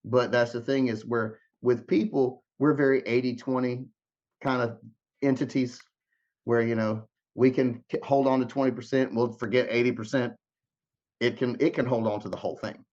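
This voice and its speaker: A man's voice: medium pitch, steady tone, normal speed, darkish tone, highs cut off. A man talking as a guest musician in an interview, rambling with many restarts and fillers. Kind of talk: casual interview talk.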